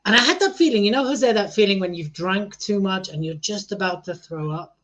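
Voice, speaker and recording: A man co-hosting a podcast, joking and energetic and laughing often. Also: sits high, brisk. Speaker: podcast co-host. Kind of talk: casual chat.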